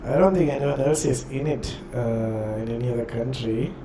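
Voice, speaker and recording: A man hosting a reaction video in casual commentary, often pausing to search for words. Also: mid-range voice, background noise.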